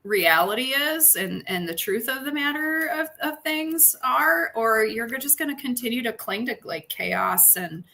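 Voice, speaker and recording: A woman's voice: fairly high pitch, lively intonation, a little slow, hardly any pauses, sharp tone. A woman co-hosting a livestream in casual chat, telling a rambling story full of fillers. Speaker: livestream co-host.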